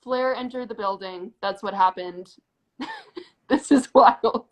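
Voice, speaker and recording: A woman hosting a phone livestream, laid-back and giggly, talking softly to her viewers. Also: medium pitch, slow. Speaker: livestream host. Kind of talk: casual livestream chat.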